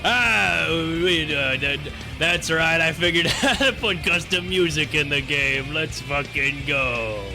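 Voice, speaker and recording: A man's voice: a little high, takes it slowly, hardly any pauses. A man doing a brash goofy cat-radio DJ. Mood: hyped. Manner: crude, stammering announcer patter. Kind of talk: pre-recorded comedic radio bit. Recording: played back with music behind.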